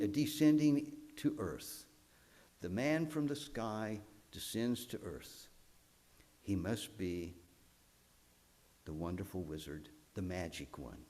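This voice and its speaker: A male pastor telling a story in a sermon, animated, with frequent swings in pitch and loudness.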